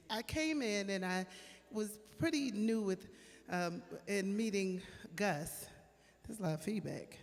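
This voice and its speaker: A woman's voice: medium pitch, lively intonation, takes it slowly. A woman singer telling a chatty story from a club stage into a handheld microphone, laughing as she goes. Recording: live room with long reverb and music behind. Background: live band music.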